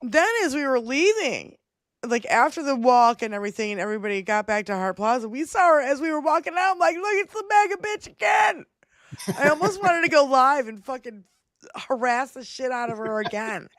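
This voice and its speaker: A woman co-hosting a livestream, telling a story loudly and profanely in casual chat over a computer mic. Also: a little high, brisk, no room sound, clean studio sound. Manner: loud, profane, animated retelling. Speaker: livestream co-host.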